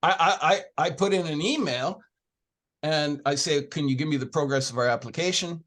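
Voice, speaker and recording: This man speaks in a fairly high voice for a man. He tells his story in a chatty, anecdotal way as an interview guest and retells past conversations as he goes. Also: moderate pace, a bit bright. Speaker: founder of an organization, interview guest.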